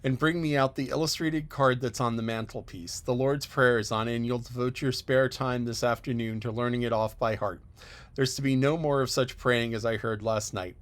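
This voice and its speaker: A man's voice: medium pitch, fairly even intonation, lightly acted. A man playing a stern, curt spinster. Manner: curt, disapproving, brisk. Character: stern, unbending middle-aged spinster woman. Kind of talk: audiobook character voice.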